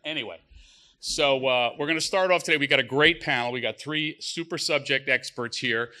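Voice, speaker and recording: A middle-aged man with a New Jersey accent, moderating a panel with folksy, animated storytelling. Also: mid-range voice, normal speed. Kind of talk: joke-telling moderation.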